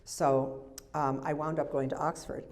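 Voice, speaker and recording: A woman's voice: low voice, level tone, measured pace, a little mellow. An older woman, an author, reading her memoir at a live library event, with wry, chatty asides into a microphone. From United States. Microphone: handheld or stand mic.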